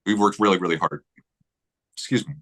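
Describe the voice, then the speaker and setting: A man's voice: sits low, brisk, fairly bright tone. A man telling a personal story in a casual interview, getting emotional, swearing freely and acting out what people said.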